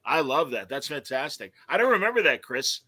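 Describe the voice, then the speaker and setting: A man hosting a podcast in casual chat, animated and laughing as he acts out quoted lines and reads comments aloud. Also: on the high side, fairly quick, dry recording. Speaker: podcast host.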